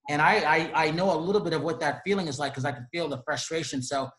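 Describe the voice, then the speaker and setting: A man's voice: fairly high pitch, quick pace, fairly bright tone. Male show host, effusive and eager, room echo around the voice. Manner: enthusiastic, effusive. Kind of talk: interview host introduction and questions. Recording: roomy echo.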